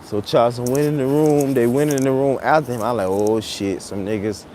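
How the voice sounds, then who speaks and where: A man's voice: medium pitch, a little fast, a little hiss or hum. A man, telling a story live while walking city streets in the rain, recorded on a phone. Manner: animated retelling, acts out quotes loudly, then muses quietly. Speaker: vlogger.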